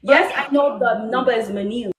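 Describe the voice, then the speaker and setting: Accented woman guest, high voice, insistent, echoey room in a played clip. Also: normal speed, slight background noise. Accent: foreign accent. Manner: insistent, defends her point. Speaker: podcast guest. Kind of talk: defensive conversation on a talk show.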